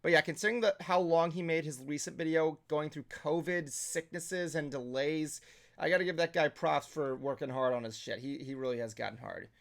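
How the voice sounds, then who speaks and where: A male podcast host with a slightly high voice, talking in a casual, excitable way. He swears freely and fills his sentences with "um" and "like". The chat is loose and unscripted. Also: brisk, creaky. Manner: excitable, swears freely, lots of filler words. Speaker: talk show host.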